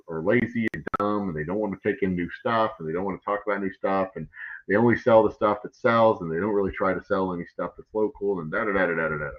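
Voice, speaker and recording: A man's voice: low voice, lo-fi sound. A man, a distillery owner telling a long, rambling story on his livestream, full of fillers, restarts and swearing. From Texas.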